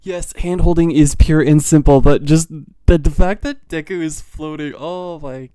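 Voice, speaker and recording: A young man giving live reaction commentary as a streamer. He is an excitable fan who gasps, laughs and trails off into restarts. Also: fairly high pitch, normal speed, clean tone, dry recording, studio quality. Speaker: streamer reacting to a manga chapter.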